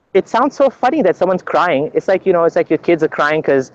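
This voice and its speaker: A man's voice: on the high side, expressive, moderate pace. Guy guesting on a chat show, earnest, keeps restarting sentences, kinda muffled lo-fi sound. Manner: earnest, explains at length with frequent restarts. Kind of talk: conversational interview.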